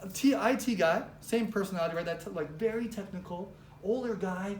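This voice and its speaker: A woman giving a casual motivational training talk to a live office audience, animated and chatty, filling her speech with "like" and acting out little quotes. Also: mid-range voice, brisk. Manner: animated, chatty, heavy use of "like", acts out quotes. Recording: roomy live room with faint noise.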